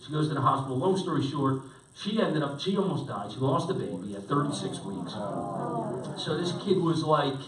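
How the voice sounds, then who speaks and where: A middle-aged man preaches from the pulpit, acting out a personal story in an animated, rambling way. His voice sits fairly high. The sound reaches the mic from some distance and echoes around a roomy space. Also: moderate pace. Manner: animated, rambling anecdote with restarts. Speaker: pastor.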